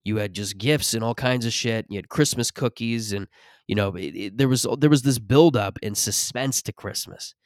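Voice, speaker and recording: A man's voice: on the low side, moderate pace, dry recording, clean studio sound. A man in his thirties, hosting a podcast, in a rambling and profane comic rant. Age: 30s. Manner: rambling, profane, self-interrupting. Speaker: podcast host. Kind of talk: comedic solo rant.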